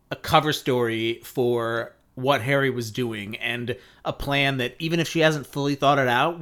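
A man co-hosting a podcast talks about a book in an even, measured way. He weighs the characters' choices analytically. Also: medium pitch. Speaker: podcast co-host. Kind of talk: casual book discussion.

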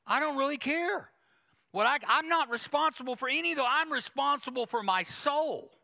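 Male pastor, sermon delivery, gravelly edge, emphatic and repetitive. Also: very high voice, animated, normal speed, sharp tone. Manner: emphatic preaching with quoted asides and repetition.

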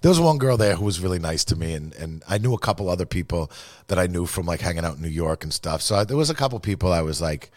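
A man's voice: low-pitched, big pitch swings, quick pace, darkish tone, dry recording. A man telling a rambling, profane, self-deprecating story in casual podcast talk.

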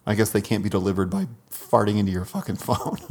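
A man's voice: fairly low pitch, sing-song, fast, a little mellow. A man co-hosting a podcast in casual chat, wry and profane. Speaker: podcast co-host.

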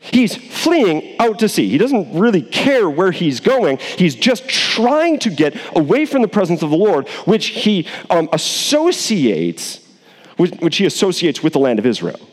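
A male pastor preaching a sermon in a casual, animated way, acting out the characters in quick voices. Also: high-pitched, in a large hall.

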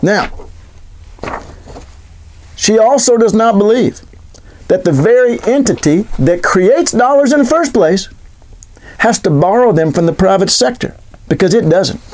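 A man giving a sarcastic, animated political commentary monologue full of rhetorical questions. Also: sits high, a little slow, long pauses, slight background noise.

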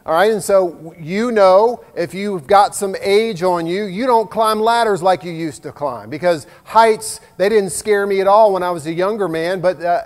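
A man's voice: high-pitched, darkish tone. A man, preaching a sermon in a folksy, self-deprecating way with jokes. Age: 50s. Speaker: pastor. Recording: long hall reverb.

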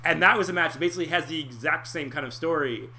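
A man explains at length in a casual chat, circling back with restarts and swearing as he goes. His voice is bright and forward. A faint hum sits under the recording. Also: on the high side, fast talker. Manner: rambling, many fillers and restarts, swears.

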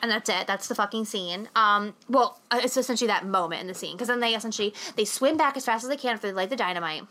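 A woman's voice: medium pitch, fast, hardly any pauses, bright, forceful tone. A young adult woman co-hosting a podcast, recapping a movie in a rambling, casual way full of swearing and filler words. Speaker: podcast co-host.

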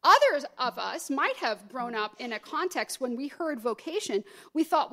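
A woman pastor in middle age delivers a sermon with a fairly high voice. She shifts between calm teaching and lively, animated bits where she acts out the people in the story. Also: moderate pace, few pauses. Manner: expressive preaching, acting out quoted voices with rising pitch.

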